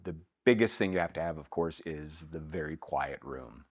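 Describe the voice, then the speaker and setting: A middle-aged man from Atlanta, Georgia, working as a voice actor, telling stories in a relaxed way in a casual interview and laughing easily. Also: rumbling low, moderate pace. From Atlanta, Georgia, USA. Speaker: guest, voice actor.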